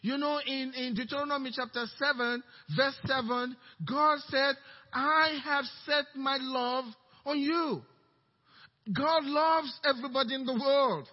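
A male pastor preaching a sermon with passion, moving between loud exclamations and soft asides. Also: extremely high pitch, steady tone, a little slow. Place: church sanctuary. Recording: dull sound, long reverb of a church hall.

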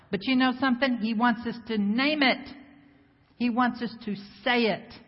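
Woman, preacher, lively sermon, banters with the congregation, long church echo, slightly muffled sound. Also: on the high side, moderate pace, husky. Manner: lively, banters with the congregation, asks rhetorical questions. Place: church sanctuary before a congregation. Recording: echoey hall, slightly dull sound.

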